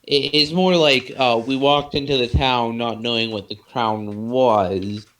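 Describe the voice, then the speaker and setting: A man's voice: mid-range voice, steady tone, a little slow, a bit bright, rough recording. A man playing a tabletop game, chatting in a laid-back, hesitant way. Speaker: player. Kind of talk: casual tabletop game chat.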